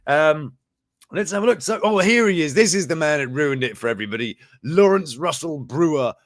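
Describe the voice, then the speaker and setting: A man's voice: a little high, lively intonation, fairly quick, no echo. A man hosting a show, rambling through news items in casual commentary, chuckling and breaking off mid-sentence. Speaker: show host.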